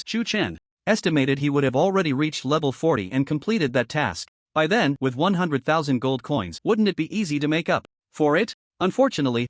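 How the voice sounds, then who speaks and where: A man narrating a story recap in a steady scripted read. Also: a little high, no room sound, studio quality.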